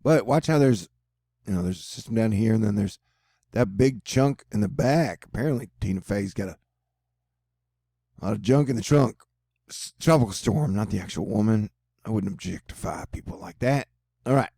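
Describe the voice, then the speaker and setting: Gravelly joking weather guy from Texas. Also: lowish voice, moderate pace, mellow, no echo, clean studio sound. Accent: Texan. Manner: joking, rambling, offbeat asides. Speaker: weather video host. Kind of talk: casual storm-tracking commentary over forecast maps.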